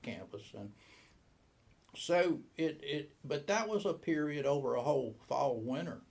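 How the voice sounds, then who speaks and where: Older man in his 70s, gravelly, rambling interview storyteller who voices the other people in his tales. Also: a little high, lively intonation, a little slow, a little mellow. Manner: rambling anecdotal, acts out quoted dialogue. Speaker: boat shop owner.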